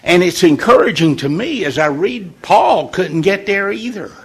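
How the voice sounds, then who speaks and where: A man leading an informal morning devotional in a folksy, conversational way, pausing on purpose for emphasis. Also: sits high, expressive, fairly bright tone, breathy edge. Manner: folksy and conversational, with deliberate pauses. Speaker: devotional leader.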